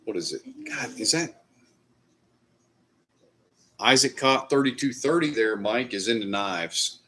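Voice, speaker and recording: A man's voice: medium pitch, lively intonation, unhurried, bright, forceful tone, a little hiss or hum. A man hosting a casual live stream, chatting loosely with viewers and swearing now and then. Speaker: livestream host. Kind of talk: casual live chat reading comments.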